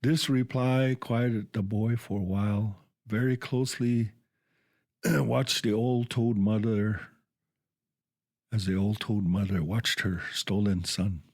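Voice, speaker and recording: Slow, low-voiced man reading a story. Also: fairly even intonation, darkish tone, no room sound, studio quality. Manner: slow, halting reading with frequent restarts. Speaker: radio storyteller.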